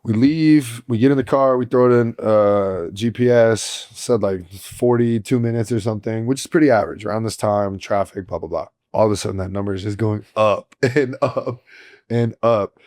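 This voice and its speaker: A man co-hosting a podcast, telling stories in a casual, animated, joking way. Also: fairly low pitch, normal speed, no echo, clean studio sound. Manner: animated storyteller, joking and laughing. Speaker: podcast co-host. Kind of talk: casual chat.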